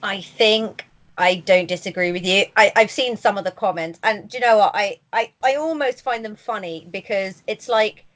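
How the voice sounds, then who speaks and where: A woman co-hosting a casual podcast, chatty and quick to laugh, with sarcastic asides. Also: medium pitch, fairly bright tone, poor audio. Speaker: podcast co-host.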